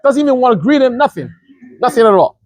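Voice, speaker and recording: A man leads an informal Torah lesson at a rapid clip. His voice sits high and he explains with animated energy, often stammering and repeating words. The recording is close and dry. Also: no echo. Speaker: rabbi teaching a daily scripture class.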